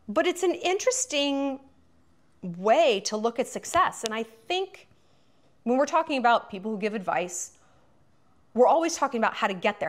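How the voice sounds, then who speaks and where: Woman host, 30s, casual profane commentary, bright and animated delivery. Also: fairly high pitch, moderate pace, pauses often. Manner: chatty, profane, animated, lots of fillers.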